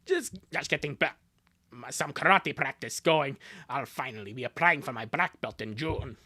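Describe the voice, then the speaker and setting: A woman's voice: very deep voice, moderate pace, pushed and bright, heavily acted. A woman voicing an awkward teenage boy. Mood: plain. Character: teenage boy, earnest and easily flustered. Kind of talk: live fan dub reading.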